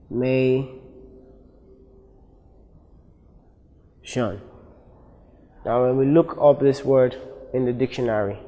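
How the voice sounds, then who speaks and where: A man with a Nigerian accent teaching an exam-prep lesson, speaking deliberately, repeating example words for drill and correcting himself as he goes. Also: medium pitch, in a large hall, low-quality recording.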